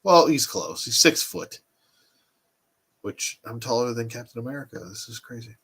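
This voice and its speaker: A man's voice: mid-range voice, lively intonation, normal speed, a bit bright, husky. A man in his thirties hosting a casual livestream, rambling and thinking aloud as he answers his chat. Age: 30s. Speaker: toy collecting livestream host.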